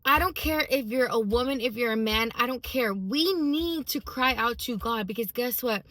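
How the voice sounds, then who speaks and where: A woman's voice: fairly high pitch, moderate pace, a bit bright, no room sound. A woman giving a casual, emphatic personal faith testimony, full of fillers as she talks. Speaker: faith vlogger.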